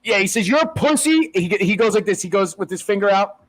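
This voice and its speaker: A man co-hosting a podcast in casual chat, retelling events in an animated way, swearing and acting out what people said. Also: sits high, fast, rough recording. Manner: animated retelling with profanity and acted-out quotes. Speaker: podcast co-host.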